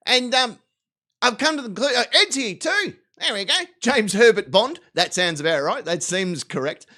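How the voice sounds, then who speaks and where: A man's voice: high voice, expressive, moderate pace, pushed and bright. An Australian man hosting a podcast, delivering a sweary, laughing comic rant. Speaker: podcast host.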